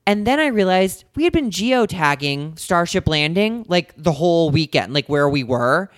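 Smooth-voiced man telling a story. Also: a little high, moderate pace, no echo, studio quality. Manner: animated, dramatic storytelling with quoted asides. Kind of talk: casual chat, storytelling.

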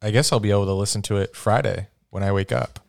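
Dry-sounding low-voiced podcast host man. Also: steady tone, creaky, no room sound. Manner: teasing, quick asides. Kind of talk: casual chat.

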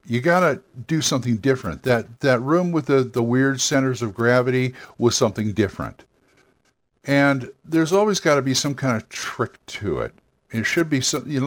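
An older man hosting a solo podcast, giving rambling, self-correcting, encouraging advice on running tabletop games. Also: medium pitch. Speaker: podcast host giving game master advice. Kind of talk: casual solo podcast talk.

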